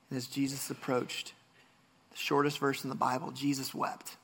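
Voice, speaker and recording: A man's voice: mid-range voice, completely flat delivery, normal speed, vocal fry, a bit bright, slightly rough. A man preaching a sermon, reading scripture and speaking earnestly, with frequent restarts and passionate rises. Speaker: pastor.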